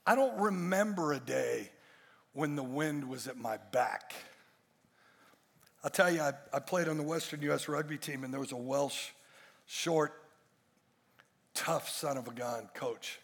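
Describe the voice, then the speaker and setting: A man's voice: fairly high pitch, measured pace, creaky, pauses often, big-room sound. A male pastor delivering a sermon to a congregation, emphatic and full of rhetorical questions and jokes. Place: church stage before a congregation.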